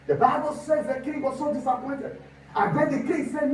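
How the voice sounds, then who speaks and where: A man preaching with fervent energy, shouting out repeated rhetorical questions in a very high voice. His sermon bounces around a big, echoey church hall. The mic sits well away from him. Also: fairly even intonation, moderate pace, far from the mic, a little hiss or hum. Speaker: pastor.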